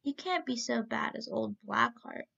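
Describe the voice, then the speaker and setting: A woman's voice: fairly high pitch, lively intonation, a little slow, creaky, bright, forceful tone, heavily acted. A woman voicing a timid little slave girl who speaks simply and eagerly. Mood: earnest. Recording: dull lo-fi recording.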